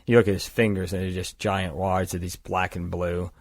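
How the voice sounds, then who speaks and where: Older east coast guy, low voice, super matter of fact, dry close sound. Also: level tone, normal speed, dry recording. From East Coast of the United States. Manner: matter-of-fact, plain storyteller. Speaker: guest, climbing gear company founder. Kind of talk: storytelling in a podcast interview. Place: indoors across a table.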